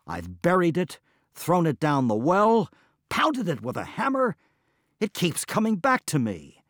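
Storybook farmer, distressed and loud in outbursts, read by a man; dry, slow. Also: medium pitch, very animated, dry recording. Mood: frantic. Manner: groaning, cries out in rising outbursts. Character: distressed aging farmer, frantic and complaining.

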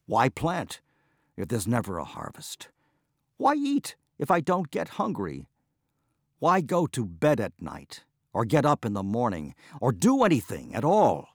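Storybook farmer, distressed and loud in outbursts, read by a man; dry, slow. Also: mid-range voice, wildly swooping pitch, breathy edge, no echo, exaggerated voice. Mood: despairing. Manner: groaning, cries out in rising outbursts. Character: distressed aging farmer, frantic and complaining.

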